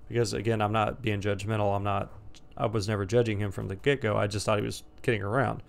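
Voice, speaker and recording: A man's voice: lowish voice, level tone, fast, vocal fry. Rambling, profane man telling a story. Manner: rambling, profane, laid-back. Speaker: storyteller vlogger. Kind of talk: casual storytime.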